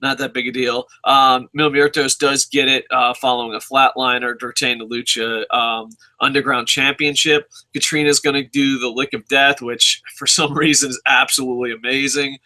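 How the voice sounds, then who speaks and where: A man hosting a casual wrestling show review, excitable and profane, rambling with restarts and bursting into shouts. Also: mid-range voice, moderate pace, hardly any pauses.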